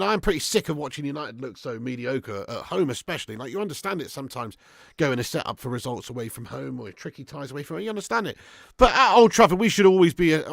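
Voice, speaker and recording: A man hosting a live football watch-along, commentating on play and chatting with viewers. He swears a lot and swings between excited shouting and flat grumbling. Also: a little high, vocal fry, no room sound, clean studio sound. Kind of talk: live match commentary and fan chat.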